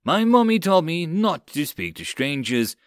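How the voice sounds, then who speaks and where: A man's voice: big pitch swings, a little slow, clear, resonant tone, no room sound, studio quality. A man voicing a frightened young cat girl who hisses and speaks in broken phrases, as an audiobook character. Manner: hissing, broken speech, shrill.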